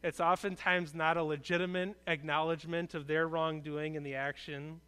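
Earnest, smooth-voiced male pastor preaching. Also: on the high side, flat delivery, normal speed, pushed and bright. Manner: conversational, earnest preaching with frequent restarts. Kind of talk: sermon.

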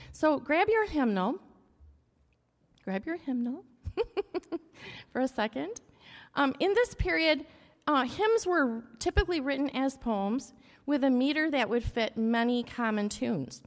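A woman leads a relaxed hymn lesson for a congregation, checking in with "okay?" and humming out the beats. Her voice sits a little high. A long hall echo trails behind her words. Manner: chatty, explains with "okay?" and hums rhythms. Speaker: church music leader. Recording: long echo of a large room.

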